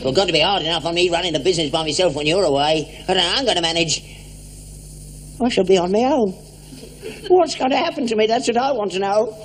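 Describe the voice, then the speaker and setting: A man's voice: high-pitched, fairly quick, a little hiss or hum, lightly acted, rough recording. An actor playing a grumpy selfish old father. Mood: grumbling. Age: older. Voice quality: wheedling, cockney-dropped speech. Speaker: actor in a sitcom. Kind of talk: 1960s sitcom acting.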